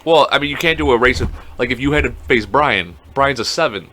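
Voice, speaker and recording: Fast-talking bright-voiced man telling a story. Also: mid-range voice, a little hiss or hum. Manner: animated storyteller, acts out quotes, swears freely. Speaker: podcast co-host. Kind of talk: casual chat, storytelling.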